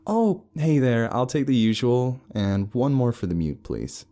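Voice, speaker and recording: A male narrator voicing a brash, teasing young woman who works as a tour guide, bossy and sharp-tongued. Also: mid-range voice, sing-song, measured pace, pitched above the performer's own voice.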